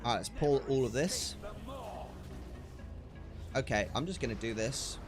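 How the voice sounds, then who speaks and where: Male streamer, casual gaming chat, laughs a lot, average pitch, light music bed. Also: unhurried. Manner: chatty, excitable, laughs often, trailing restarts. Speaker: livestreamer.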